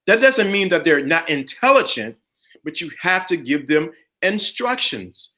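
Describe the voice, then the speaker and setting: A man's voice: a little high, big pitch swings, unhurried, pushed and bright. A middle-aged man hosting a casual chat, speaking emphatically and repeating his key points. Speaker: podcast host.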